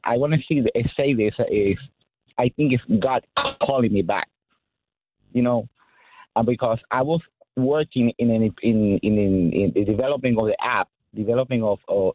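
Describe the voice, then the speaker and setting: A male caller with a non-native English accent, speaking haltingly and emotionally on a call-in radio show, with many restarts. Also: on the low side, dry recording. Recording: tinny phone line.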